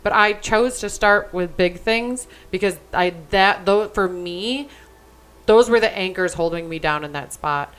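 A woman's voice: mid-range voice, measured pace, a bit bright, clean tone, poor audio. A young adult woman co-hosting a podcast in casual chat, talking bluntly and emphatically and swearing freely. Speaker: podcast co-host.

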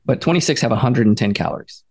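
A man's voice: medium pitch, big pitch swings, fast talker, creaky, darkish tone. A man co-hosting a podcast, chatting casually and telling rambling stories. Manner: rambling storyteller, reads labels aloud. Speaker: podcast co-host. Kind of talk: casual chat.

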